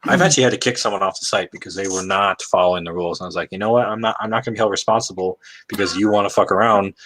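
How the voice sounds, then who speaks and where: A man chatting casually with friends on a stream, blunt and quick to swear, acting out the things people said to him. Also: sits low, fairly bright tone, a little hiss or hum. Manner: blunt, swears often, acts out quoted exchanges. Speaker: model builder on a livestream. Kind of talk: casual chat among friends.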